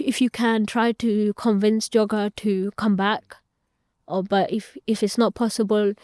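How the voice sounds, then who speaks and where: A woman's voice: medium pitch, mellow, no room sound, studio quality. A young woman, a guest in an interview, earnestly recounting a personal story and retelling family conversations at length.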